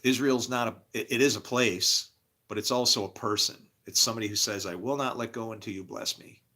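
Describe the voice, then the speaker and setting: A man's voice: on the low side, steady tone, brisk, sharp tone. A middle-aged man rambling grumpily about faith and his day, preaching and laughing at himself. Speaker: vlogger. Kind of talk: rambling monologue.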